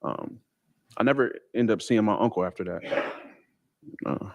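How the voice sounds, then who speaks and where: A man telling a personal story in a casual, halting way with many fillers and restarts. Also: on the low side, gravelly, dry recording. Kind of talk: casual first-person account.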